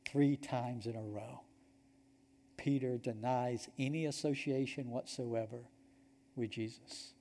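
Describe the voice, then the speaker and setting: A man with a Georgia accent preaching a sermon to his congregation, telling the story earnestly and dropping to a hush for key points. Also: mid-range voice, fairly even intonation, slow pace, slight background noise. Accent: Georgia, US Southern. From Georgia, United States. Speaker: pastor. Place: church sanctuary. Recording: long reverb of a large hall.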